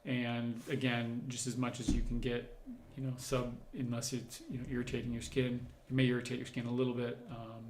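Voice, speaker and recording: A man's voice: medium pitch, monotone, brisk, hardly any pauses, roomy sound, a little hiss or hum. A man, a doctor, hosting a livestream Q&A, reading out viewer comments and answering them in a conversational, explanatory way. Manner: conversational, explanatory, thinks aloud while answering.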